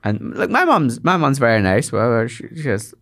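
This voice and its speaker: A Scottish man, a guest comedian, telling stories in casual chat with lots of quick restarts. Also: medium pitch, big pitch swings, a bit bright, a little hiss or hum. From Scotland. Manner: rambling storyteller with quick restarts.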